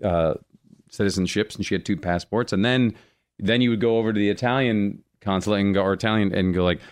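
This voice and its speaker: Middle-aged guy chatting, low voice, acts out other people's lines as he tells it. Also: fast. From born in Rome, raised American. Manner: animated storyteller, acts out quoted people in raised voices. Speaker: actor guest. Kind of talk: casual chat.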